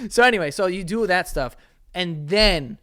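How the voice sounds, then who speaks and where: Man, podcast co-host, casual chat, laughs a lot, swears, lively pitch. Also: normal speed, smooth. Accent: New York. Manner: animated, laughs often, swears.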